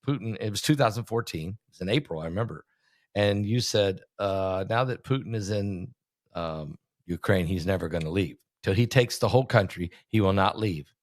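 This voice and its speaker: A man hosting a casual conversation as a preacher, chatty and questioning, often pausing with fillers. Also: fairly low pitch, no room sound, clean studio sound. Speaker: host, preacher.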